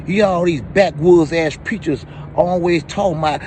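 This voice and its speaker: A man's voice: a little high, lively intonation, unhurried, a little mellow, slight background noise. A man delivering a heated, profane rant to the camera. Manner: profane, heated ranting monologue. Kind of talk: commentary rant.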